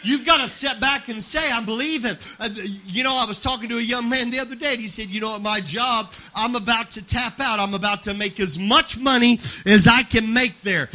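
Preacher guy, high voice, goes quiet then loud, keeps restarting his words. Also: a little fast, hardly any pauses. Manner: swings from soft confiding to loud shouted preaching; repeats words and restarts when emotional. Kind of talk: preaching a sermon.

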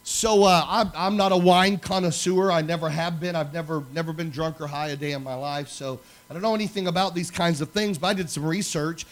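Man, pastor preaching, animated storytelling, slightly high voice. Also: a little fast, hardly any pauses. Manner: animated storytelling, swings from loud to hushed. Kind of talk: sermon with personal stories.

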